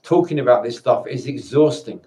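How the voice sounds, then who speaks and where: A man in a personal video monologue, tired and upset, talking in halting bursts with repeated words and frequent swearing. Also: medium pitch, mellow. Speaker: vlogger. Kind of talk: emotional personal monologue to camera.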